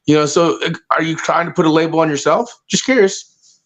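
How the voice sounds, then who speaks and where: A man's voice: fairly high pitch, a little fast, a bit bright. A man calling in to a livestream, confrontational and mocking, swearing freely. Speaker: call-in guest. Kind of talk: casual livestream chat.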